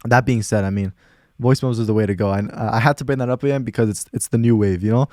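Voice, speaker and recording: A young man hosts a laid-back podcast, talking quickly and acting out quotes as he tells stories. His voice is dry and close to the mic, with no room sound around it. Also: fairly low pitch, no echo. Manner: animated storyteller, acts out quotes. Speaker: podcast host. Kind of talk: casual podcast chat.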